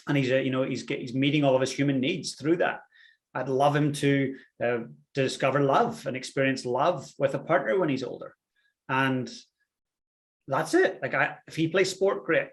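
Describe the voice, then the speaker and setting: A man's voice: medium pitch, normal speed. A man from Ireland, a podcast guest talking earnestly and thoughtfully. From Northern Ireland. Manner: reflective, earnest, hesitant fillers. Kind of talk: conversational interview.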